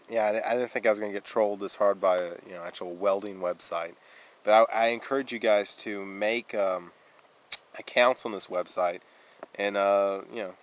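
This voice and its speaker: A man's voice: lowish voice, low-quality recording. A man vlogging casually, rambling through a story with fillers, restarts and laughs.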